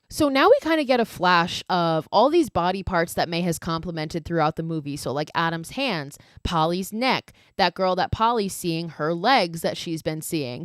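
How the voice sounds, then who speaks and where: A woman hosting a podcast, casually retelling a horror movie scene by scene in an animated, profane way with frequent laughs. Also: fairly low pitch, no echo, clean studio sound. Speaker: podcast host.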